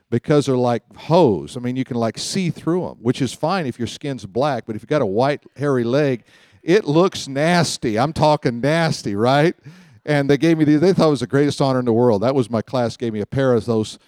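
A man giving a Bible lesson like a sermon, animated and quick to joke as he tells stories. His voice sits at an ordinary pitch and sounds dry and close, with almost no room around it. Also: no echo. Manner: animated, joking, storytelling. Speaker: Bible teacher. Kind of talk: teaching sermon.

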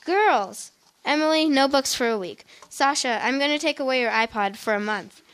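A woman's voice: high-pitched, lively intonation, moderate pace, a bit bright. A woman reading the part of a stern mother scolding her teenage daughters. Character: stern mother of twin girls.

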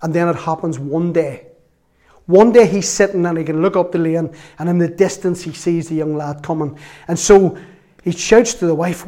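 Chatty lay preacher. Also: male voice, sits high, normal speed. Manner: animated, chatty storyteller with asides and laughs. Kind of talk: storytelling sermon.

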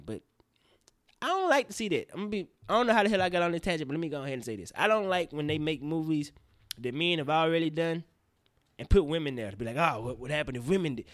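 Pitched on the high side, a young podcast host rants through casual news commentary, animated, swearing and wandering into tangents. The clean studio sound has no room noise.

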